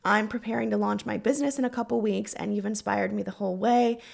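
A woman's voice: medium pitch, steady tone, fast talker, gravelly. A young adult woman hosting a podcast, talking casually and earnestly, with fillers and a voice that keeps cracking. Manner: earnest, chatty, encouraging, with frequent fillers. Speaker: podcast host and business coach. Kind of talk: casual solo podcast talk.

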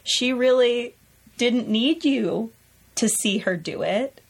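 A woman co-hosting a podcast, reflecting in a thoughtful, measured way. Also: on the high side, expressive. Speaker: podcast co-host. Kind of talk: reflective conversation.

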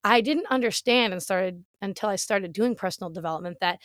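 A woman's voice: medium pitch, brisk, fairly bright tone, dry recording, clean studio sound. A woman in her late thirties hosting a solo podcast, chatty and upbeat, often checking in with "right?". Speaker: podcast host and fitness coach. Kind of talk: casual solo podcast talk.

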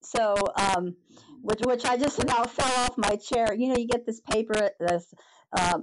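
A middle-aged woman, a podcast guest, telling a personal story in an animated way, with halting restarts and acted-out reactions. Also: on the high side, low-quality recording. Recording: noticeable background noise.

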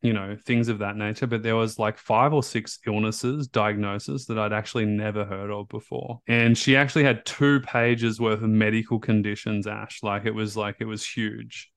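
A man's voice: on the low side, moderate pace, vocal fry, few pauses, clear, resonant tone, no echo. Man telling a story on a dry podcast mic. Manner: animated, repeats himself, quotes others in his own voice. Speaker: podcast host and recovery coach. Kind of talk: casual storytelling chat.

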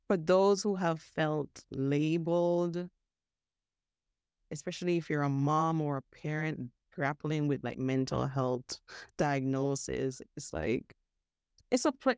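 Lady w a low voice talkin earnest on a podcast, repeats words, dry mic. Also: clear, resonant tone, no echo. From Caribbean. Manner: earnest, animated, laughs often, restarts words. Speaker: podcast guest, mental health advocate. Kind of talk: casual interview chat.

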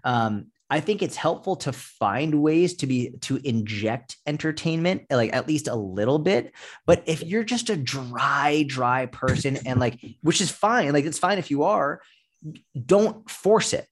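A man's voice: a little high, expressive, measured pace. A man in his thirties, a fitness coach guest on a podcast, talking casually and with animation, swearing freely and filling with "like". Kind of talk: casual interview chat.

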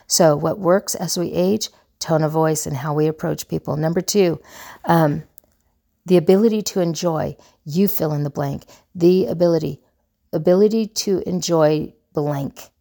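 Gravelly low-voiced woman giving advice. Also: dark tone. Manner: earnest, rambling, with many fillers and restarts. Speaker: relationship coach and podcast host. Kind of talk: casual advice monologue.

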